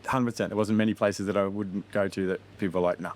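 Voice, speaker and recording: Fast-talking Australian man in his forties. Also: lowish voice. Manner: animated storyteller, acts out voices, swears freely. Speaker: guest. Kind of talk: casual interview storytelling.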